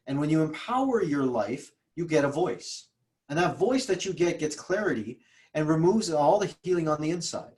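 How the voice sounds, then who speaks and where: A man telling stories in a casual interview, emphatic and often repeating himself. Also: on the high side. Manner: emphatic, repetitive, restarts often. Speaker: guest speaker, trauma coach.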